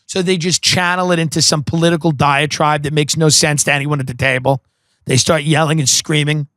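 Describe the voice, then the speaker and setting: A man's voice: a little high, steady tone, fairly quick, a bit bright, no echo, studio quality. A man hosting a podcast, delivering a profane, sarcastic comedic rant that mocks the people he describes. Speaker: podcast host.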